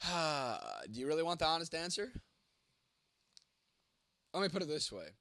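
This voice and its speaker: A man's voice: on the high side, wildly swooping pitch, measured pace, vocal fry, bright, forceful tone, no echo. A man of twenty-nine, congested from a cold and losing his voice, answering chat on a late-night livestream in a blunt, heavily profane way. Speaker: content creator. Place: home at night.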